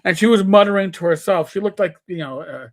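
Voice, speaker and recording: New York man telling animated stories. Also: sits high, fast. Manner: storytelling, acts out quoted players with shifting voice. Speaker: co-host. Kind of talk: casual live-stream chat.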